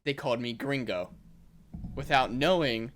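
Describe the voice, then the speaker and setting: A man's voice: medium pitch, lively intonation, a little slow, very noisy. A young man hosting a podcast, telling rambling stories in casual chat and laughing often. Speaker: podcast host.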